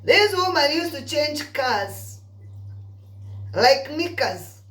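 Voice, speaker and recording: A woman's voice: high-pitched, slow. Chatty woman telling gossip. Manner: animated gossipy storytelling with asides to viewers. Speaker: vlogger. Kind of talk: chatty storytelling rant. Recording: roomy echo.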